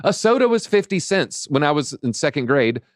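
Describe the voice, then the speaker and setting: A man co-hosting a casual crypto livestream, joking and telling animated stories about market data. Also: on the high side, brisk, no room sound, studio quality. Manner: jokey, animated storytelling. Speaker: crypto show co-host.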